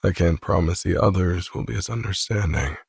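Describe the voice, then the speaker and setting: Brief: narrator's put-on deep gravelly young man, relaxed, quietly teasing, menacing calm, audiobook. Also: a little fast, no room sound, clean studio sound, full character voice. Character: calm, amused, intimidating young male hockey player. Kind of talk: audiobook character voice.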